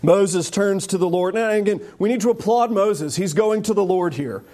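A man preaching a sermon in a lively, joking way, often acting out the voices of the people he quotes. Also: high-pitched, normal speed. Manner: animated, jokey, acts out quoted voices. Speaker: pastor.

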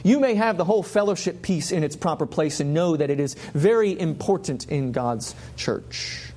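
A man's voice: a little high, lively intonation, moderate pace, darkish tone. A man preaching a sermon, passionate and full of repeated rhetorical questions.

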